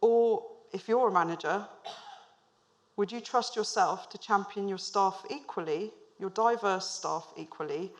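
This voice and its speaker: On stage before a live audience, a thirtysomething woman, a managing director, delivers a business talk built on storytelling, questioning listeners with a light, humorous touch. She speaks at a measured pace in a medium pitch.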